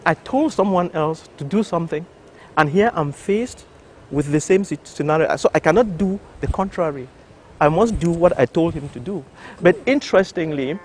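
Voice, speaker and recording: An older man, a doctor from Cameroon, telling an interviewer his story, animated and full of restarts. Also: fairly high pitch, a little hiss or hum. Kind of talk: recounting a personal story. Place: television studio.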